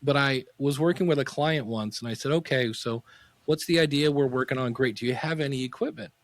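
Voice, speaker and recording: A middle-aged man, a podcasting teacher, telling anecdotes in a casual interview and acting out quotes with sudden pitch jumps. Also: brisk, dry recording.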